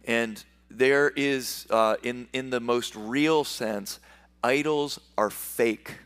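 A man's voice: mid-range voice, takes it slowly, a bit bright, clear, resonant tone, faint music behind. A man preaching a sermon as a pastor, reading scripture aloud and explaining it, often restarting and repeating words.

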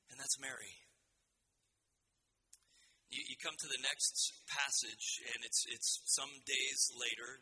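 A pastor preaching a conversational sermon, telling the story with quick asides to the congregation. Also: male voice, mid-range voice, pushed and bright, a little hiss or hum, rough recording.

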